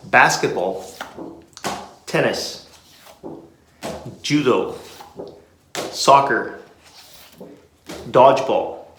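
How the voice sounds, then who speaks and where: A male English teacher walks through a classroom lesson, drawing out each word so young learners can repeat it. He speaks at an unhurried, deliberate pace. The sound is very echoey and he is heard from some distance away from the mic. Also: mid-range voice, fairly bright tone, slight background noise. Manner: slow, clear, drawn-out drilling of words.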